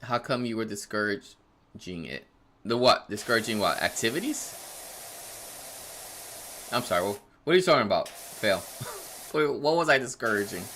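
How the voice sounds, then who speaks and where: Man, 30s, streamer; chatty and rambling, bright tone, faint game sounds behind. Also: moderate pace, long pauses, a little hiss or hum. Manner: rambling and chatty, laughs often, reads chat aloud; animated, jumps in pitch when excited. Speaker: livestreamer playing a game. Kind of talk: casual live stream chat.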